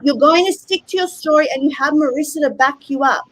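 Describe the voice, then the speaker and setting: Blunt woman, high pitch, fed-up live-stream arguing. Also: brisk, slight background noise, low-quality recording. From Australia. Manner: blunt, exasperated, swears. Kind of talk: heated live stream argument.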